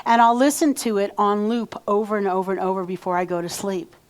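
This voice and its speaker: A woman reverend giving a conversational sermon in church and leading the congregation in repeated affirmations. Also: mid-range voice. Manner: conversational, leads call-and-response affirmations. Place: church sanctuary.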